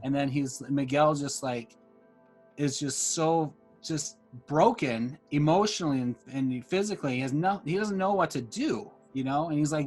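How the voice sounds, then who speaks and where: A man's voice: fairly high pitch, normal speed, slightly rough, faint music behind. A man co-hosting a casual discussion of a TV series, retelling scenes with energy and acting out the characters' lines. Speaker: podcast co-host.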